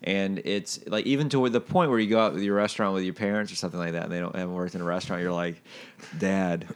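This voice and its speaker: A man, co-hosting a podcast, who talks haltingly and restarts his sentences often. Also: deep voice, steady tone, smooth. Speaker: podcast co-host. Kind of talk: casual chat.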